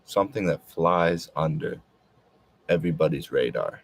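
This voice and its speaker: A man's voice: rumbling low, expressive, moderate pace, breathy edge. A man talking in a casual, rambling monologue, hesitant and full of filler words. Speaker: podcast host.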